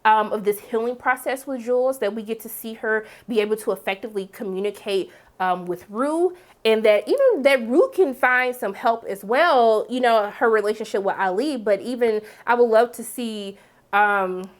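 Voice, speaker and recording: A young woman talks through a TV episode in a casual, chatty recap. Her voice sits a little high, and she keeps breaking into lively, animated asides. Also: normal speed. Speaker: TV recap reviewer. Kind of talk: casual spoken TV review.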